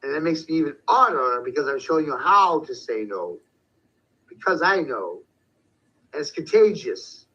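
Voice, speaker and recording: A man ranting slowly and deliberately, cursing freely and sometimes breaking into loud shouts. His voice is bright and slightly raised in pitch. The recording sounds muffled and lo-fi. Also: husky. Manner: profane, confrontational, shouting at times. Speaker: online commentator. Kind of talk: ranting monologue. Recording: dull lo-fi sound.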